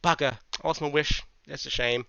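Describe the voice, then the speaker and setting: A man's voice: fairly high pitch, steady tone, normal speed, creaky, bright, forceful tone, smooth, dry recording. A man voicing a villainous alien tyrant in a mocking, snide tone, recorded on a dull lo-fi mic. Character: villainous alien tyrant, calm then snapping.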